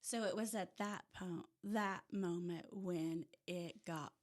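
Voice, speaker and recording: A woman from rural Oklahoma with an Oklahoma accent, a podcast guest telling her personal story in casual chat, lively and sometimes dropping to a near-whisper. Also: on the low side, slow. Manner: animated storyteller who drops to a hush at tense moments. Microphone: audio-only podcast mic.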